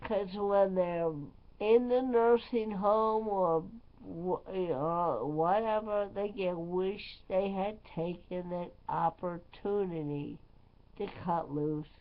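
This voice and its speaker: A woman's voice: fairly low pitch, takes it slowly. A woman DJ talking in a casual vlog, rambling and emphatic with lots of fillers. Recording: slightly dull lo-fi sound.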